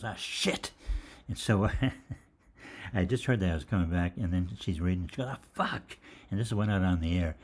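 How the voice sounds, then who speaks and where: An older man with a deep, low-pitched voice hosts a live question-and-answer session. He drifts from one anecdote to the next, joking and swearing casually as he goes. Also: a little mellow. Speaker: host of a live health Q&A.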